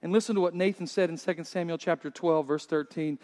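A pastor delivering a sermon, preaching in an earnest, emphatic way. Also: male voice, fairly high pitch, steady tone, quick pace, a little mellow, long reverb tail.

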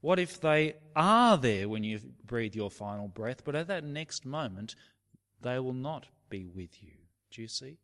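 A man delivers a sermon at an unhurried pace, his pitch rising and falling with lively emphasis. He leans on key words and sometimes sinks to a hush. His voice rings with the long reverb of a large hall. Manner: slow, emphatic preaching with dramatic drops to a hush. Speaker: preacher.

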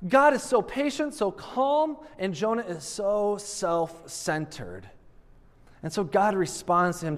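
High-voiced preacher in an echoing hall. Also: male voice, measured pace. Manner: animated storytelling, asking the audience rhetorical questions. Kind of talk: sermon. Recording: long reverb of a large hall.

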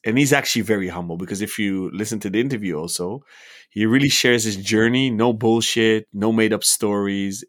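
A man's voice: fairly low pitch, no echo, studio quality. A man co-hosting a podcast who speaks bluntly and plainly, then reads out listener questions. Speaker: podcast co-host.

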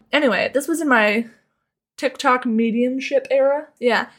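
A woman's voice: high voice, normal speed. A woman co-hosting a podcast, telling a rambling, profane, comic story in a casual chat. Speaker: podcast co-host.

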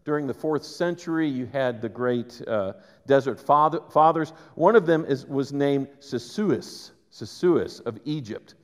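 A man preaching a sermon, conversational and animated, with quick asides to the congregation. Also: mid-range voice. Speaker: pastor. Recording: reverberant church hall.

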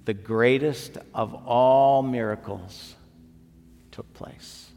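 A man preaching a sermon as pastor, slow and emphatic, rising at times to near shouting. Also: mid-range voice, creaky. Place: church sanctuary. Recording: long hall reverb, faint music behind.

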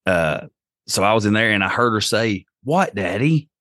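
Man, very deep voice, dry close sound, casual storytelling. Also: moderate pace, dry recording. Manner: relaxed storyteller, acts out quoted voices. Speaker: podcast guest.

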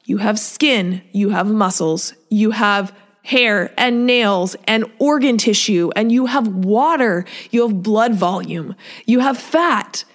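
A woman fitness coach hosting a solo podcast, chatty, acting out what people say and stressing key words by slowing down. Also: medium pitch. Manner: chatty, quotes people in asides, speeds up and slows for emphasis.

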